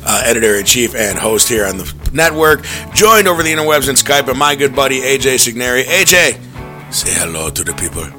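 A man's voice: medium pitch, lively intonation, brisk, hardly any pauses, bright, forceful tone, soft background music. A man hosting a casual podcast, rambling sarcastically with laughing asides. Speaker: podcast host.

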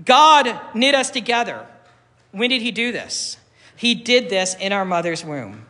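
Male pastor, high bright voice, emphatic repeated lines, long hall reverb. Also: expressive. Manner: slow, emphatic, repeats key phrases. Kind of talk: sermon.

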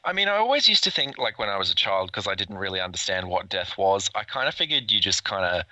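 A man's voice: low voice, sing-song, quick pace, sharp tone, dry recording, poor audio. A man co-hosting a podcast, chatting casually with a light, amused manner and many fillers. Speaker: podcast co-host. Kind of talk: casual chat.

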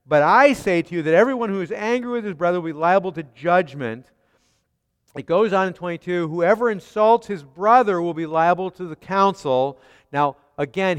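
Preacher in a reverberant hall. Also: male voice, a little high, clean tone. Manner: asks the congregation rhetorical questions, swings between soft and emphatic. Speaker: pastor. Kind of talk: expository sermon.

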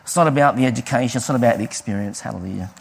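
A man preaching a sermon, telling personal stories with lively delivery and acting out the people he quotes. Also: mid-range voice, very fast, vocal fry, husky. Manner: lively storytelling, acts out quoted voices.

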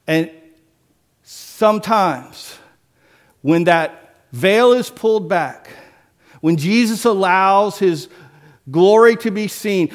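A man preaching a sermon, telling stories with lively acted-out voices and dropping to a hush for solemn points. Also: high voice. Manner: animated storytelling, acts out voices, drops to a hush for solemn points.

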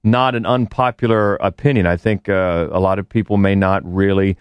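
A man's voice: low voice, fairly even intonation, clear, resonant tone, no echo, muffled recording. A man co-hosting a podcast in casual chat, often restarting his sentences. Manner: halting, with many restarts. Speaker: podcast co-host.

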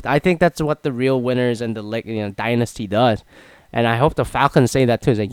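A man in his twenties talks through an opinionated casual monologue, wandering from point to point with many fillers. His voice is smooth and clear, and the sound is dry with no room echo. He sits at a middling pitch for a man. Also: a little fast. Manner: rambling, filler-heavy, opinionated. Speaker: sports commentator.

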